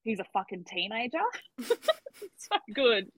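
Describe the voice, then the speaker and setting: Bright, husky woman chatting. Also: on the high side, measured pace, no echo, poor audio. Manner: animated, swears freely, mock complaining. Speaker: podcast guest. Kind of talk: casual chat.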